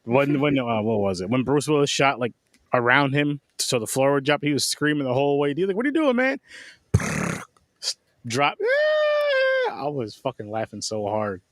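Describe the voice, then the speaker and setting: A man co-hosting a casual movie review chat, excitable and swearing freely. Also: mid-range voice, brisk, no echo, studio quality. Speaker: podcast co-host.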